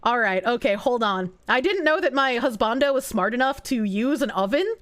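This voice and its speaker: A woman with a New Jersey accent streams live and talks back to her chat, crude and quick to laugh. Her voice sits high and leaps wildly between squeals and mutters. She swears freely and shrieks with laughter. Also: lively intonation, a bit bright.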